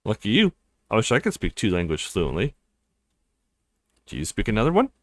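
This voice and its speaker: A friendly young woman law student from a visual novel who asks lots of curious, polite questions, as a man voices her. Her lines swing widely in pitch and are recorded dry and close. She sounds chatty and easygoing. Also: huge pitch swings, normal speed, no echo.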